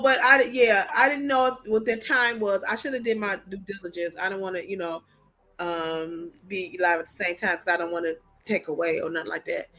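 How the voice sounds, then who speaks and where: A woman hosting a casual livestream, chatty and excitable. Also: fairly high pitch. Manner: chatty, excitable, drawls and laughs. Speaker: livestream host.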